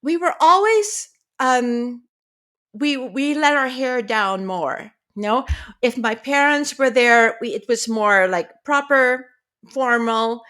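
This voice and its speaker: High-voiced middle-aged woman, animated storyteller on a podcast. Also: slow pace. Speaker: guest, pediatrician.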